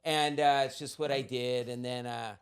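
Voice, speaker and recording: A man's voice: mid-range voice, steady tone, normal speed, smooth. A man in his sixties from Southern California, a podcast guest telling candid, laid-back stories and acting out the voices in them. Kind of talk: casual storytelling.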